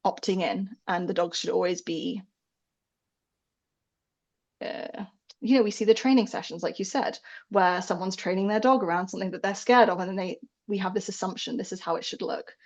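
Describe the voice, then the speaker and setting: A woman's voice: mid-range voice, fairly even intonation, normal speed, darkish tone. A woman dog behavior expert speaking candidly and with animation as a guest in a casual interview, swearing freely and often laughing.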